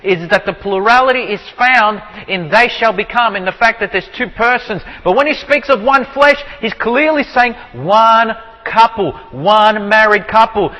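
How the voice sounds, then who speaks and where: A man teaching from the Bible, explaining with repeated rhetorical questions and slowing down to stress key words. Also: high-pitched, bright, forceful tone, in a large hall, low-quality recording. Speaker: preacher.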